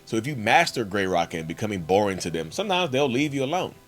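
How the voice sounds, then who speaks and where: A man's voice: lowish voice, big pitch swings, fast talker, a bit bright, soft background music. A man hosting a casual, emphatic monologue for his channel and addressing viewers directly as y'all. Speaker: channel host.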